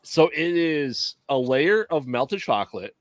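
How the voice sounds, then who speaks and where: A man co-hosting a podcast, chatting casually and explaining things in a relaxed, easygoing way. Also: fairly high pitch, measured pace, no echo. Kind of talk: casual chat.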